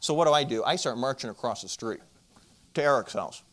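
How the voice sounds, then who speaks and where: Animated man telling a self-deprecating story. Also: medium pitch, a little fast. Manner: animated, self-deprecating, big swings from loud to hushed; addresses the audience directly with questions. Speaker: marriage conference speaker. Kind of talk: storytelling Christian talk.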